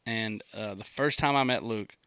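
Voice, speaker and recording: A man's voice: on the low side, normal speed, bright, forceful tone, clean tone, no room sound, studio quality. A man, a songwriter, casually telling how a song was written, loose and rambling, swearing freely and often saying dude. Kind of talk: casual storytelling conversation.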